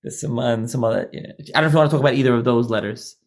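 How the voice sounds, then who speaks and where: A man speaks very fast, with a gravelly edge to his voice. He is hosting a casual interview and puts a question to his guest. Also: medium pitch.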